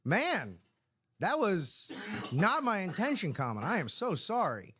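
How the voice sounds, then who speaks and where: Male stream co-host, high voice, lively banter, quick jokes. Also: husky. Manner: jokey, chimes in with quips.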